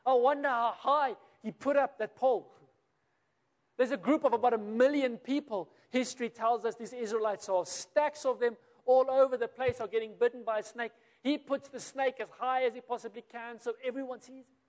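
A man with a South African accent preaching a sermon, telling a story and acting out the quoted voices, rising and then dropping to a quiet close. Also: very high-pitched, fairly even intonation, moderate pace. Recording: long reverb of a large hall.

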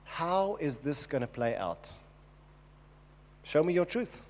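A man's voice: fairly high pitch, lively intonation, takes it slowly, darkish tone. A man preaching who voices King David as a desperate man pleading urgently with God. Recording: long hall reverb.

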